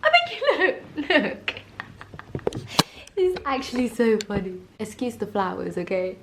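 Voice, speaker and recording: A woman's voice: on the high side, noisy background. A young woman, chatting casually and laughing easily as she reacts to and reviews a film. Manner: chatty, animated, quick to laugh. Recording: roomy echo.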